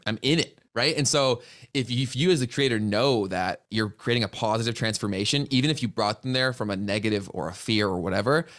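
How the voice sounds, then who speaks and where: A man's voice: medium pitch, a bit bright. Upbeat affirming male podcast host. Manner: enthusiastic, affirming, coach-like. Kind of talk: casual interview chat.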